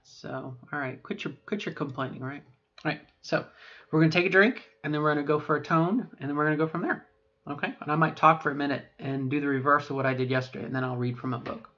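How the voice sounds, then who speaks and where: A woman's voice: low voice, fast, a bit bright. A middle-aged trans woman speaking in her unaltered voice for a voice training vlog, meandering and hesitant, correcting herself often. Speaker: vlogger. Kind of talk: voice training vlog, rambling self-talk. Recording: dull lo-fi recording.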